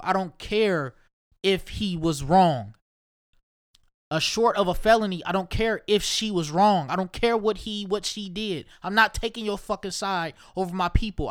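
A man from Ohio delivers a loose, profane rant, circling back to the same points with heavy emphasis. His voice sits noticeably high for a man. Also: a bit bright. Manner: profane, emphatic, repeats himself. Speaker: solo commentator. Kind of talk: casual rant monologue.

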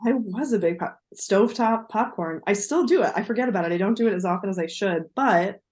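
Woman co-host, middle pitch, chatty and digressive, relaxed podcast chat. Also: fast talker. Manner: chatty and digressive, laughs easily. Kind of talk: casual chat.

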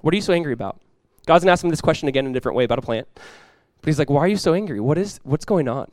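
A male pastor preaching at a rapid clip, with a slightly high voice. He talks in a casual, animated way and slips into quick voiced asides. The sound is dry and close. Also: no room sound. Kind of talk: sermon.

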